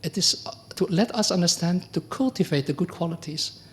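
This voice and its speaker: A middle-aged man, a monk giving a conversational dharma talk, often asking the audience questions and acting out quoted exchanges. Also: brisk. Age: middle-aged or older. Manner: acts out quoted exchanges with lively pitch jumps. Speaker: Buddhist monk teacher.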